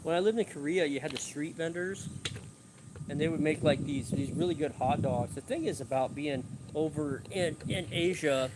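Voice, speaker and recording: A man's voice: on the high side, normal speed, heavy background noise. A middle-aged man chatting casually and rambling on a live stream from his yard, swearing offhandedly. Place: outdoors at home, rural yard.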